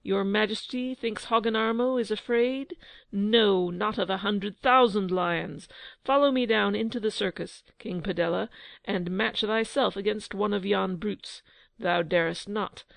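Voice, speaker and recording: A woman's voice: medium pitch, a little slow, creaky, no echo. A woman doing a haughty scoffing count. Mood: defiant. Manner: scoffing, proud. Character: haughty scornful nobleman, defiant.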